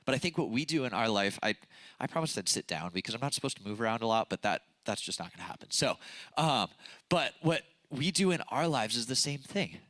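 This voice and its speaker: A man's voice: medium pitch, lively intonation, a little fast, a bit bright, dry recording. A young man with a nasal voice from a broken nose, giving a casual, chatty youth sermon full of fillers and self-deprecating stories. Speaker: youth pastor. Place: church youth service stage.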